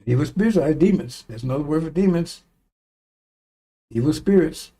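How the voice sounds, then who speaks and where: A man's voice: on the high side, lively intonation, normal speed, dark tone. A man giving a rambling, emphatic religious talk, swearing when he gets worked up. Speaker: religious teacher. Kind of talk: informal religious teaching.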